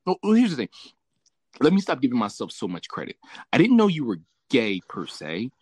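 A man's voice: mid-range voice, a little fast, slightly rough, no echo. A man from Southern California hosting a casual chat, telling a story with lots of swearing and laughter. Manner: profane, laughing, animated storyteller. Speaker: podcast host.

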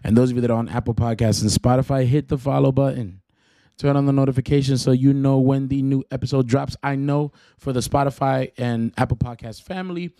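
A man's voice: mid-range voice, mellow, dry recording. A man with a Southern US accent, hosting a casual faith podcast, joking and rambling as he corrects himself. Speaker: podcast host.

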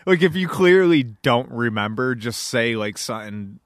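A man's voice: medium pitch, expressive, normal speed, no room sound, studio quality. A young man chatting casually as a podcast co-host, laughing often and swearing freely as he rambles through stories. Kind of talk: casual chat.

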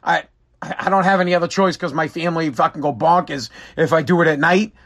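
A man's voice: a little high, a little fast, vocal fry, fairly bright tone. A tired man hosting his own podcast, ranting in a profane, exasperated, rambling way. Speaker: podcast host. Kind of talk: casual solo podcast rant.

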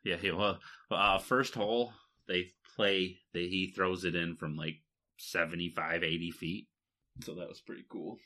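Rambling casually as a podcast co-host, this Michigan man fills his talk with fillers and laughs. His deep voice sounds pushed and bright, with fairly even intonation and an unhurried pace.

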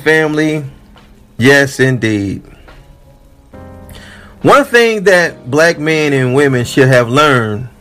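A man's voice: medium pitch, a bit bright. A man giving emphatic, sermon-like commentary on a video, repeating his points for his audience. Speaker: commentary vlogger. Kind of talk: preachy commentary.

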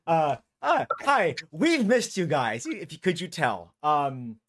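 A man hosting a casual talk show, halting and self-deprecating, laughing often. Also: a little high, huge pitch swings, a bit bright. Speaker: host. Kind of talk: casual chat.

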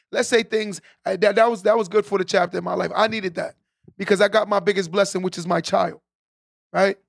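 High gravelly man giving a pep talk. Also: dry recording, clean studio sound. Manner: preachy, repeats key lines and tags them with "right?". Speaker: podcast host on a live stream. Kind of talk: motivational talk to live viewers.

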